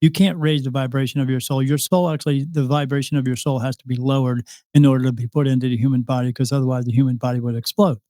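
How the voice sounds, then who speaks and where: A man's voice: mid-range voice, little pitch movement, fast, hardly any pauses, warm tone, dry recording, studio quality. A man, a psychic medium, telling a long story as a podcast guest, rambling with restarts and acted-out dialogue. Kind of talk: casual interview storytelling.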